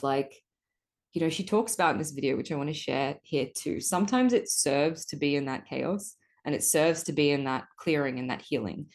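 Low-voiced woman hosting a casual podcast. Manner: animated, swears often, spiritual language. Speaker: podcast host. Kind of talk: casual solo podcast monologue.

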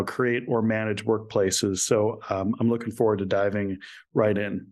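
A male podcast host with a friendly, upbeat manner. His voice sits at a middling pitch, and he introduces guests and steers the conversation. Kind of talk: podcast hosting.

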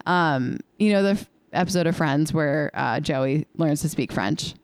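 A young woman in casual chat, recapping a movie with lively retellings and frequent laughter. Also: low-pitched, measured pace, no echo. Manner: animated, laughs often, acts out lines from scenes.

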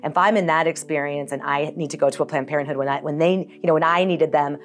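A woman with a notably low voice talks earnestly as a guest on a podcast interview. She is from Colorado and leads a health organization. Her storytelling is open and personal, with some fillers along the way. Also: fairly even intonation, fast talker, a little hiss or hum. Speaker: nonprofit health organization CEO.

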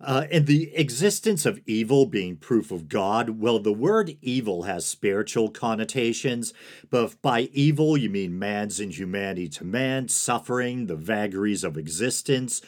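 A man hosting a solo podcast, talking in a monotone, sedated way with dry, sarcastic asides and soft laughs. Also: fairly low pitch, moderate pace. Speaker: podcast host.

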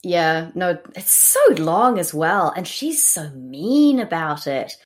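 A woman's voice: lowish voice, expressive, takes it slowly. Woman co-host, casual and profane, hesitant. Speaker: podcast co-host. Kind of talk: casual discussion.

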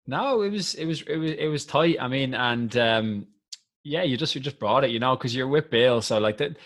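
A man hosts a relaxed chat, stumbling and repeating words as he works through his thoughts. His voice sits at an ordinary middle pitch. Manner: halting, repeats words when speaking. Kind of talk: casual podcast chat.

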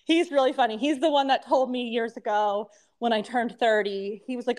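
A woman in her thirties co-hosts a podcast, chatting casually and rambling with frequent laughter. She has a lisp from temporary crowns, and her voice is on the high side, steady, a little mellow and fairly quick.

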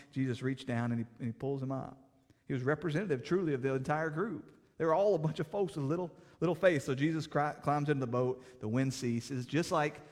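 Guy preaching a sermon, gets loud then drops quiet, long echo of a big hall. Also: medium pitch. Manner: animated preaching, swings from loud to soft. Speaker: pastor.

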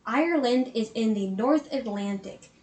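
A woman's voice: on the high side, animated, measured pace, darkish tone. A pregnant woman co-hosting a travel vlog, giving tips and finishing her partner's sentences. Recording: roomy echo.

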